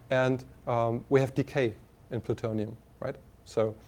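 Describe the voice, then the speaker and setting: A man with a German accent gives a university lecture in a halting way, full of fillers and restarts, and he often puts questions to the class. His voice sits in the mid range and is a little mellow.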